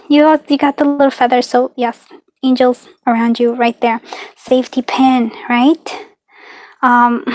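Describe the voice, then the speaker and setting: A woman with a slightly high voice leads a live-stream card reading. She talks in a warm, chatty and reassuring way, full of fillers and small laughs. Now and then she drifts away from her device mic. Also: no room sound. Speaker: tarot and charm reader.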